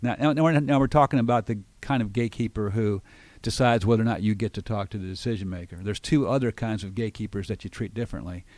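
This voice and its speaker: A radio show host who trains salespeople speaks fast in a fairly low voice, with no room sound. He breaks down sales tactics in an energetic, explanatory way and performs sample phone lines.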